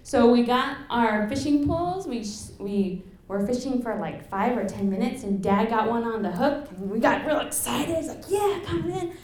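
A young woman from Alaska telling a lively personal story to an audience, laughing and acting out the quotes. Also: on the high side, normal speed, few pauses. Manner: animated, laughing, acts out quotes. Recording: echoey room.

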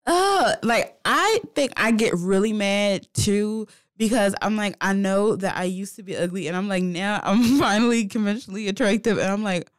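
A woman co-hosting a podcast, chatting casually, giggly and excitable, quick to laugh. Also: medium pitch, dry recording, studio quality. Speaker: podcast co-host. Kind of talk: casual chat.

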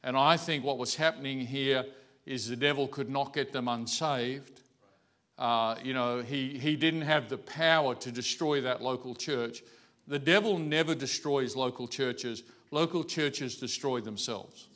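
A man's voice: medium pitch, measured pace. A man preaching a morning sermon in a conversational way, often restarting his sentences. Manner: conversational preaching with many restarts, softening to a quiet storytelling voice. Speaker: pastor.

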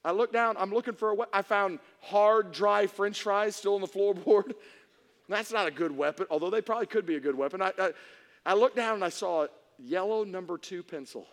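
A man preaching a humorous sermon to a congregation, telling stories in an animated way that swings from hushed to shouting. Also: sits high, fairly quick. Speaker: pastor. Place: church hall before an audience. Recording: reverberant hall.

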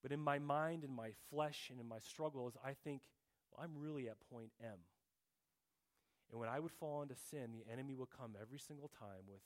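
A man's voice: mid-range voice, a little fast. A middle-aged man preaching a sermon in a conversational way, calling the listeners guys and restarting his sentences often. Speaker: pastor.

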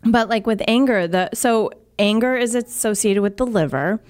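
A woman's voice: a little high, moderate pace, a little mellow, clean tone. A woman, a guest acupuncturist, earnestly explaining health ideas on a radio talk show.

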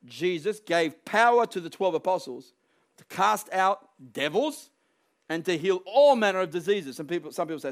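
This sermon comes from a man with a rather high voice who hits key lines with heavy stress and swells toward powerful climaxes. When quoting others, he briefly acts out their voices, all in an animated delivery.

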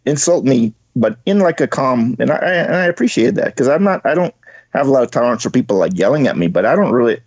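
A man's voice: medium pitch, very animated, quick pace, husky, dry recording, highs cut off. A man, a podcast guest, rambling in a laid-back casual chat with lots of fillers.

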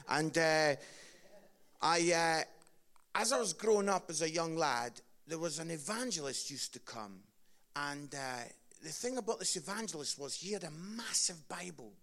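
A guest preacher from Scotland, speaking with an Edinburgh accent in a slightly high male voice, delivers a comedic sermon at an unhurried pace. He's jokey and animated, teasing the crowd.

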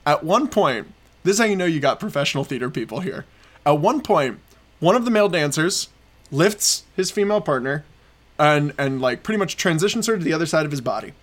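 Excitable rambling man, fairly high voice. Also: fairly quick. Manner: excited, rambling storytelling with frequent fillers and laughs. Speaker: podcast co-host. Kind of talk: casual chat.

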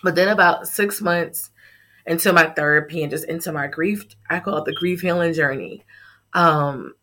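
A woman's voice: low voice, moderate pace, bright, forceful tone. A middle-aged woman, a startup founder, telling a heartfelt personal story in a podcast interview.

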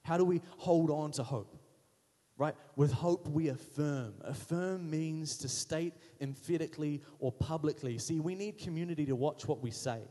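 A man's voice: on the high side, moderate pace, mellow. A man preaching a sermon as pastor, emphatic and repetitive, in short punchy phrases. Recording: long hall reverb.

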